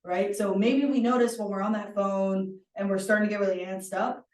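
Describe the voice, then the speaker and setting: A woman's voice: medium pitch, fairly quick. Woman leading a workshop in a roomy room. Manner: often adds a questioning "right?" and leads calm guided exercises. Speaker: workshop facilitator. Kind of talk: guided workshop teaching. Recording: roomy sound from a distant mic.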